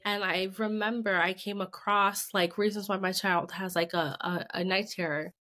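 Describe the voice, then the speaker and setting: A woman's voice: medium pitch, normal speed. A woman co-hosting a parenting podcast, telling a family story in casual chat, rambling and full of "like", acting out what people said. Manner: animated, rambling, heavy use of "like", acts out quoted speech. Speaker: podcast co-host, mother.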